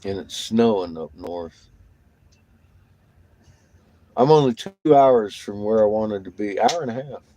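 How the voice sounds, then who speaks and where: Behind the wheel, a weary man vlogs casually, cursing and complaining as he goes. He has a lowish, warm voice, a little slow with long pauses, and the audio is poor with slight background noise.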